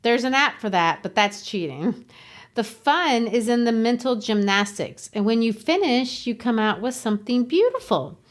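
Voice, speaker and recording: A woman's voice: a little high, lively intonation, normal speed. A woman who teaches, co-hosting a podcast in a casual, explanatory way and tapping out rhythms as she explains.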